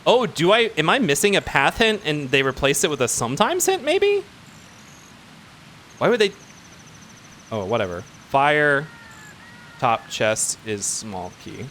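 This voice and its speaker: Excitable man streaming a game. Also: a little high, moderate pace, slight background noise. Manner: excitable, talks to himself while playing. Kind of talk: casual game commentary.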